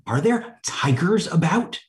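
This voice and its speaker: Indignant storybook girl, plaintive and high, put on by a male preacher reading aloud; slow, swooping delivery. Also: big pitch swings. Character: young girl, earnest and indignant.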